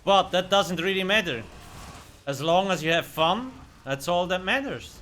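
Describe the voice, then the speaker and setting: Blunt, bright-voiced male game streamer. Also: high voice, lively intonation, measured pace, slight background noise. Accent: German. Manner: blunt, profane, joking. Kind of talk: casual live-stream commentary.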